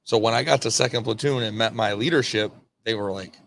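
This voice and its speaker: A man's voice: fairly low pitch, brisk, creaky, a bit bright, slight background noise. A male podcast host and veteran in casual interview chat, laid-back and laughing often.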